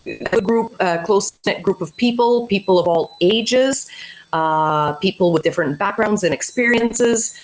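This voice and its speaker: A woman's voice: mid-range voice, a little slow, rough recording. A woman in her forties, a teacher candidate, sharing her experience in a rambling, chatty way over a video call. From Canada. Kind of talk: casual webinar talk.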